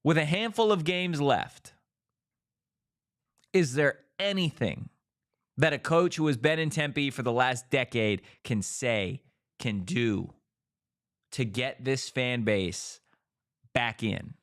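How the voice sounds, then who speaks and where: A man hosting a casual sports talk show, firing off rhetorical questions in an animated way. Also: medium pitch, takes it slowly, pauses often.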